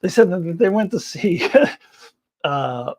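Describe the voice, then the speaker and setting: A middle-aged woman chats loosely on a live stream and reacts to viewer comments. Her pitch swoops up and down in an animated way. She giggles often and drifts off into ums and uhs. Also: takes it slowly. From United States. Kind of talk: casual live chat, reading comments.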